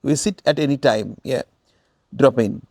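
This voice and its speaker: A man's voice: medium pitch, moderate pace, gravelly, darkish tone, no echo, clean studio sound. A man with a Sri Lankan accent teaching a spoken English lesson, explaining words through repetition and acted-out lines.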